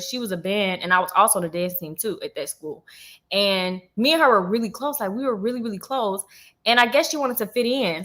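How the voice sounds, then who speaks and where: A woman in her twenties tells a personal story on her livestream, casual and animated, packed with slang and side comments to viewers. Her voice is mid-range.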